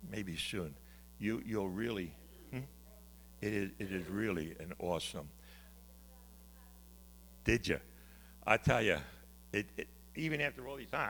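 A man preaching a storytelling sermon with a bright, gravelly voice. His pitch leaps and falls as he talks, and he moves between loud, excited bursts and quiet, hushed reflection. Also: slight background noise. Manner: animated, conversational, swings from loud to hushed. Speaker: pastor.

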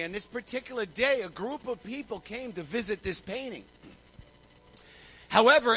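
High, bright-voiced fervent preacher man. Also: husky, highs cut off. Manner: fervent storytelling preacher, repeats phrases, calls to congregation. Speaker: pastor. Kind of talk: sermon with altar call. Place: church sanctuary.

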